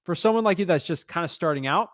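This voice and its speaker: A man's voice: on the high side, animated, quick pace, fairly bright tone, no room sound, studio quality. A man coaching a newcomer on a call, blunt and frank, calling him man and dude. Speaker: real estate wholesaling coach.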